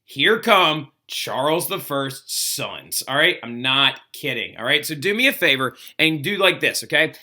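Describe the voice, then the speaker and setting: Upbeat male history teacher, bright voice. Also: fairly high pitch, moderate pace, hardly any pauses. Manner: energetic, chatty, acts out quotes. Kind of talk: casual video lecture.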